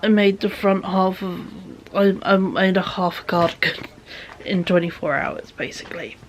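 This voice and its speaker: A tired woman vlogging from home in a rambling, soft way that often drops to a whisper. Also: mid-range voice, moderate pace, a little hiss or hum. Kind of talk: casual chat to camera.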